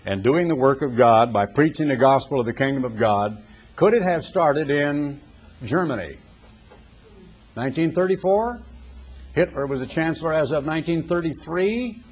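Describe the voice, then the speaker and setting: An older man giving a radio sermon, husky-voiced, building emphatic rhetorical questions. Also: mid-range voice. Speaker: preacher, radio broadcaster.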